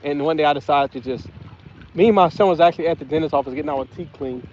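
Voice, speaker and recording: On a live stream from his small fishing boat, a man with a slightly high, somewhat mellow voice talks at a quick pace. He chats casually, wanders through stories and keeps correcting himself, heard through a muffled recording with slight background noise.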